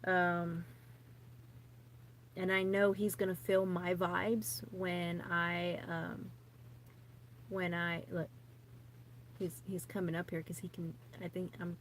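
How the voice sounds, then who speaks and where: A woman's voice: on the low side, fairly even intonation, takes it slowly, long pauses, slight background noise. A woman in her thirties, a vlogger, rambling chattily and nervously to camera with many fillers and restarts. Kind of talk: casual rambling chat to camera.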